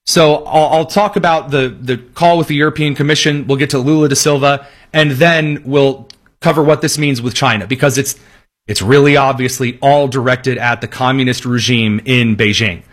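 A man's voice: medium pitch, steady tone, moderate pace, a bit bright. A man delivering solo political commentary in an emphatic tone, with sarcastic asides. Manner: emphatic, sarcastic asides, mock pleading voices for quotes.

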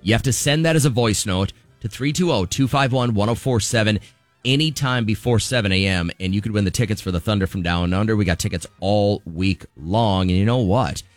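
A man's voice: on the low side, a little fast, no echo, faint music behind. A man co-hosting a morning radio show, chatting upbeat and reading contest promos. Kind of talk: casual radio banter.

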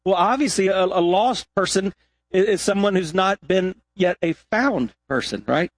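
A man preaching a sermon as pastor, dropping low and quiet and then rising to high, loud peaks. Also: moderate pace, no echo.

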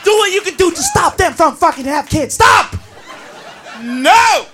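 A brash woman comedian tearing through a profane stand-up set. She has a very high, bright voice with a lively range and shouts her punchlines. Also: a little slow, a faint crowd, a little hiss or hum. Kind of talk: stand-up routine.

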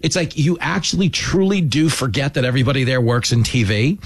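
A man co-hosting a casual chat, telling stories in an emphatic, animated way. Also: medium pitch, brisk, slightly rough, no room sound. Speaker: TV host.

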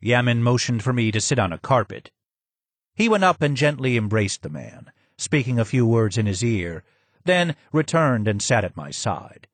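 A man narrates an audiobook in a measured, descriptive first-person voice at a middle pitch. The recording is dry and close, with no room sound. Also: very animated, no echo.

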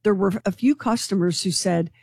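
Excitable woman radio co-host, dry studio sound. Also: mid-range voice, normal speed, gravelly, breathy edge, dry recording. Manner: excitable, gossipy storyteller. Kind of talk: morning radio show chat, telling a news story.

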